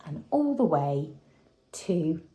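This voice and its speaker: A woman, a teacher, reading a picture book aloud to a child, shouting out the dinosaurs' lines and chatting about the pictures. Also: deep voice, slow pace. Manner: lively, acts out the dinosaurs' shouts and chats with the child. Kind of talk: storybook read-aloud.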